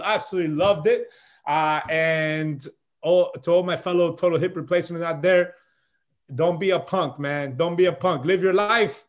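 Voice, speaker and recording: A middle-aged man, a podcast guest and chef, telling a story in a loose, animated way and peppering his talk with "bro" and "man". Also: fairly high pitch. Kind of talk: casual storytelling chat.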